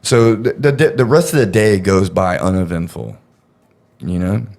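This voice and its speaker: A man's voice: low voice, animated, measured pace, vocal fry, a little mellow. A man casually telling a story on a podcast, rambling and profane, with lots of fillers.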